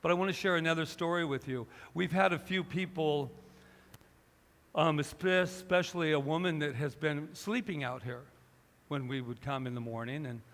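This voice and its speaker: A man's voice: on the high side, normal speed, fairly bright tone. Man preaching a story in a reverberant hall. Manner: storytelling, acting out both sides of a conversation. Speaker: pastor. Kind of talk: sermon. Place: church hall.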